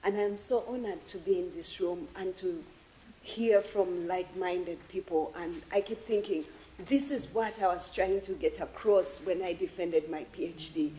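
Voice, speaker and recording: A woman from Uganda asking an earnest, emotional question at an academic forum in a lecture hall, with halting restarts. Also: on the low side, dark tone, a little hiss or hum. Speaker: audience member asking a question.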